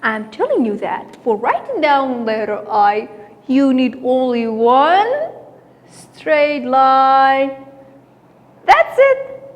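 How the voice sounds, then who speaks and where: Sing-song Kurdish-accented kindergarten teacher. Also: female voice, high-pitched, sing-song, long reverb tail, lo-fi sound, slight background noise. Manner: playful, sing-song, talks to children with drawn-out repeats. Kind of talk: online English letter lesson for young children.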